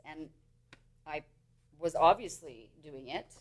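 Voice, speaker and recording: A middle-aged woman hosting a podcast, telling stories in an animated way and laughing at herself. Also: sits low, slow. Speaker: podcast host. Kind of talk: casual podcast chat.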